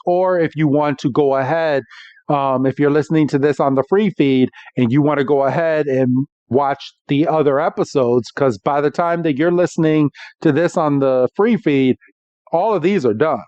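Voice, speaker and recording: A man's voice: fairly high pitch, moderate pace, darkish tone, dry recording. Rambling podcast host man, dull dry sound. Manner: rambling, many fillers and restarts. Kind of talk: casual episode recap.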